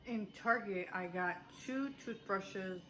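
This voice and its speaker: A woman's voice: mid-range voice, takes it slowly, a bit bright, a little hiss or hum. A woman chatting casually to her viewers, a little out of breath, rambling with lots of fillers and restarts. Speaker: vlogger. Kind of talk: casual haul chat to camera.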